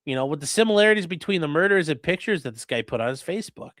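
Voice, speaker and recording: A man hosting a livestream as an attorney, giving sarcastic, animated legal commentary. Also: on the high side, very fast, no echo. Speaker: attorney and channel host.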